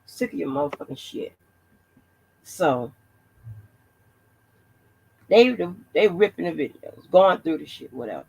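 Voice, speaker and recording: Gravelly, blunt woman vlogger. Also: low-pitched, sing-song, unhurried, long pauses, a little mellow, slight background noise, low-quality recording. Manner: profane, blunt, rambling with restarts. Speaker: channel host. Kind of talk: casual commentary vlog.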